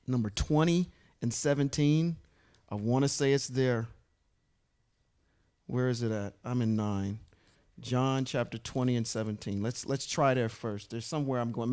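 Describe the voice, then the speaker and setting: A man's voice: medium pitch, a little mellow, clear, resonant tone. A man leading a bible study, reading verses aloud and stopping often to explain and check with his listeners. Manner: reads scripture aloud, stops to explain and ask the group. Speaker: scripture teacher.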